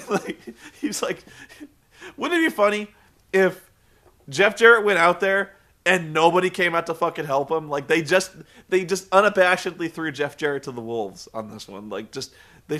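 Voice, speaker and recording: A man's voice: a little high, pushed and bright. A man hosting a comedic wrestling review, ranting in a profane, stammering, exasperated way. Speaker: host reviewing a wrestling show.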